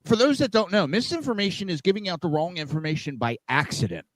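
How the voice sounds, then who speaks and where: A man's voice: high voice, expressive, quick pace, no echo. A man co-hosting a radio talk show, explaining a point in casual chat.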